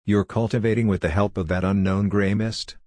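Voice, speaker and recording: A stern old master of a sect, proud and grave, voiced by a man. The voice is very deep and the sound dry, close to the mic. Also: steady tone, fairly quick, a little mellow, dry recording, natural voice.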